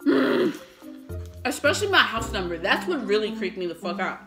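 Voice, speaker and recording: A woman's voice: medium pitch, very animated, moderate pace, pushed and bright. A young adult woman vlogger telling a story in a chatty, casual way, swearing freely and acting out what people said. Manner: chatty, swears a lot, acts out quotes. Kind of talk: casual storytelling while eating. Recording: echoey room with faint music.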